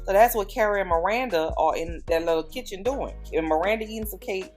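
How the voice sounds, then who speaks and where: A woman recapping a TV episode in a casual vlog, sassy, animated and exasperated, cursing and talking straight to her viewers. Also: medium pitch, brisk, few pauses, faint music behind. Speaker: TV recap YouTuber.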